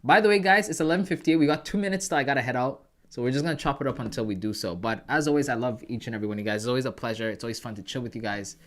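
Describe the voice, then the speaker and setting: A man's voice: mid-range voice, very fast, hardly any pauses. A man from Canada hosting a trading livestream, chatting casually and calling viewers "bro" and "guys".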